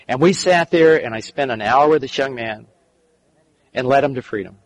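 An older man preaching a sermon and telling a story, earnest, often repeating and restarting his phrases, dropping soft and quiet in the tender parts. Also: medium pitch, normal speed, poor audio. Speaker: preacher and counselor.

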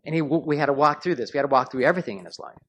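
A man's voice: a little high, rapid-fire, a bit bright, husky. A man preaching a sermon, telling stories and putting questions to his listeners. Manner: storytelling preacher, asks the congregation questions. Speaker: pastor.

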